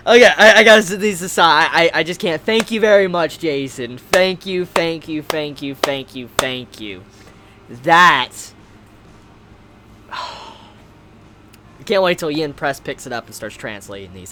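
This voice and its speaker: A man vlogging casually as he unboxes gifts, excitable, stammering and repeating himself, at times shouting. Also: a little high, slow, slight background noise. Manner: excitable, swings to shouting and squealing. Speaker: anime vlogger.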